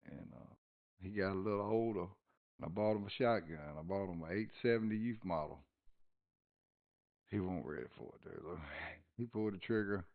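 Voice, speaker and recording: A man's voice: sits low, lively intonation, normal speed, creaky, long pauses, muffled recording. A man telling stories in a casual chat, laughing often. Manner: folksy storyteller, laughs often. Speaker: podcast host.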